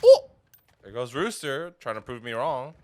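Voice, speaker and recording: A man casting a live esports match while streaming, excitable and quick to exclaim. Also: mid-range voice, dry recording.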